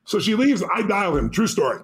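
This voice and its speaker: A man's voice: sits high, big pitch swings, a little fast, a bit bright. A man as a podcast guest, telling a motivational story with emphatic, urgent punch.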